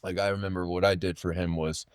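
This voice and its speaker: A man in his late thirties speaks as a podcast guest in a low, deep voice. He tells stories casually, circling back with restarts and fillers, recorded dry and close. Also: little pitch movement, fast, smooth, no room sound. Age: late 30s. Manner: rambling, full of restarts and fillers. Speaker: podcast guest, poet and writer. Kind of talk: casual interview storytelling.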